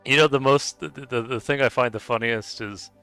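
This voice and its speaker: A man's voice: medium pitch, steady tone, moderate pace, bright, forceful tone, soft background music. A man streaming a game and chatting casually with viewers, rambling and hesitant with lots of fillers and restarts, chuckling often. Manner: chuckles often while talking. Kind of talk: casual chat while playing.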